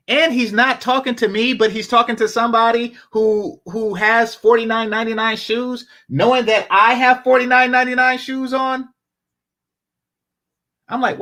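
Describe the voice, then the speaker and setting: A man giving casual commentary, an animated storyteller who swears freely. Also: very high-pitched, moderate pace. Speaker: panel commentator.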